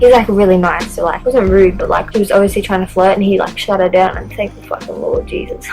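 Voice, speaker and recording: A woman's voice: medium pitch, little pitch movement, fast talker, a little mellow, soft background music, poor audio. A young woman vlogging to camera, telling a story in a chatty way, swearing often and saying "like" constantly.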